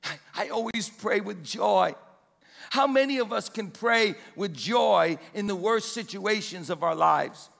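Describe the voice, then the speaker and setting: A pastor preaching a sermon with emphatic, repeated exhortations in a church. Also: male voice, high voice, expressive, unhurried, vocal fry, fairly bright tone, long reverb tail.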